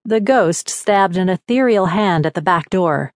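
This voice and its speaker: A woman narrating an audiobook in a measured, wry manner from a studio. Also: lowish voice, expressive, darkish tone, no echo. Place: recording studio.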